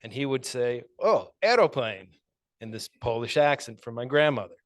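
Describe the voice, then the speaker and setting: A man giving an impromptu answer at a speaking club, thoughtful and measured, with some hesitant fillers. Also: mid-range voice, steady tone, no echo. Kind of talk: impromptu speech.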